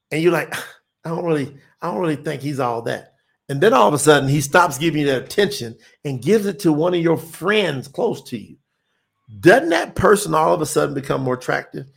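Folksy preacher with gravelly voice. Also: male voice, a little high. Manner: emphatic, repetitive, folksy preaching. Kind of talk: livestream sermon to online viewers.

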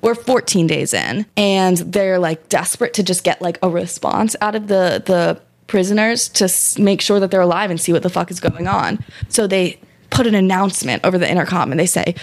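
Low-voiced woman telling a story casually. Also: normal speed. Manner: loose, rambling, profane retelling with many likes. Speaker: podcast co-host.

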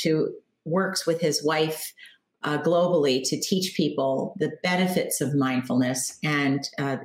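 A woman guest in an interview, speaking calmly and reflectively as she tells stories about marketing. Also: deep voice, echoey room, poor audio. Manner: calm, reflective storytelling. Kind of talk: interview answers.

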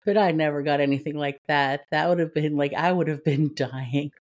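A woman's voice: low-pitched, moderate pace, a little mellow. A woman co-hosting a podcast, chatting casually, laughing easily and reading stories aloud. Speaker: podcast co-host. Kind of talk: casual chat and story reading.

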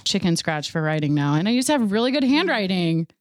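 A woman's voice: medium pitch, big pitch swings, quick pace, no room sound, studio quality. Easygoing young woman co-host. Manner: short reactions, laughs, casual swearing. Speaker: podcast co-host. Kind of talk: casual chat.

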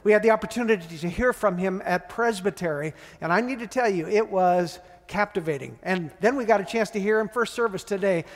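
A man who pastors the host church, warmly welcoming the congregation with questions and then introducing a guest preacher. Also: high voice, fairly quick, few pauses. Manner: warm, affectionate, asks the congregation questions. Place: church sanctuary. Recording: long church hall reverb with soft music.

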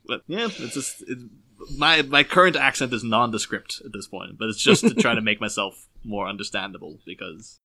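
A man from Ireland with a softened Irish accent blended with English, chatting casually on a podcast and acting out quotes with lots of laughs. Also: on the low side, moderate pace. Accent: softened Irish, mixed with English. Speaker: podcast co-host.

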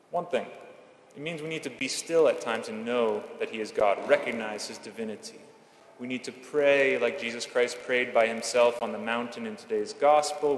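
A man preaches a homily at Mass in a measured, earnest way, slowing down for emphasis. His voice sits at an ordinary pitch. It rings through a large church with a long reverb, over a faint hum of the room. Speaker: Catholic priest.

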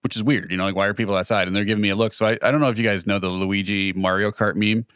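A man's voice: fairly low pitch, steady tone, racing, a bit bright, clean tone, no room sound. A man co-hosting a podcast in casual chat, a dry storyteller who throws in quips and mock voices. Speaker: podcast co-host.

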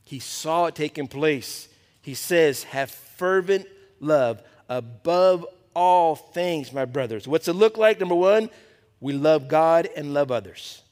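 A pastor preaching to a men's Bible study, animated and throwing questions to the group. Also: male voice, a little high, big-room sound.

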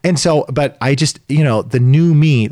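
A middle-aged man telling a story in casual chat, animated and acting out the voices of the people in it. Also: a little high, moderate pace, dry recording, studio quality. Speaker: podcast co-host telling a story.

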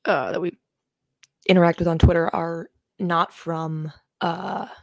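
Low-voiced woman rambling through a podcast. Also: steady tone, unhurried, gravelly, no echo, studio quality. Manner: rambling, lots of "um" fillers, swears casually. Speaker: podcast co-host. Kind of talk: casual chat.

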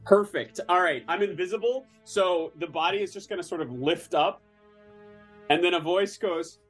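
Give me a wry, hesitant man playing a tabletop game, somewhat high voice, faint music behind. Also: normal speed, a bit bright. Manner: hesitant, full of restarts, wry. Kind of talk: casual tabletop game play.

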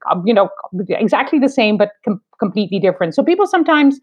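Measured Canadian woman, wry storyteller. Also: mid-range voice, sing-song, husky. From New Brunswick, Canada. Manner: measured, wry, deliberate phrasing. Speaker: foreign correspondent, guest. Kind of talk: reflective interview talk. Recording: slightly dull lo-fi sound.

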